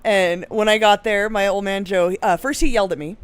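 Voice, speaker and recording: A woman's voice: medium pitch, fairly quick, hardly any pauses, clean tone, dry recording. A woman co-hosting a casual livestream chat, chatty and telling stories as she reads out updates. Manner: chatty storyteller reading out updates. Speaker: co-host.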